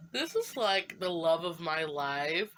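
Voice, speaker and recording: A woman's voice: medium pitch, bright, forceful tone, slight background noise. A young woman vlogging an unboxing in casual chat, giddy and gushing, with slangy fillers and frequent laughs and squeals. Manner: slangy, lots of fillers like "like" and "you know". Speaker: vlogger unboxing fan art.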